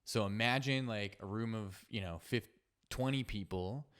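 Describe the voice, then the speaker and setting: A man speaks on his own podcast, recounting a personal experience in a reflective, halting way. His voice sits fairly low and sounds smooth and clear. He often pauses, restarts sentences and fills gaps with small hesitations. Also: a bit bright. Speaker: podcast host. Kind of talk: solo podcast storytelling.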